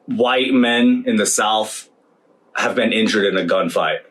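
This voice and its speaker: A man's voice: lowish voice, a little slow, a bit bright, low-quality recording. A man co-hosting a casual podcast chat, hesitant, with stumbling restarts. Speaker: podcast co-host.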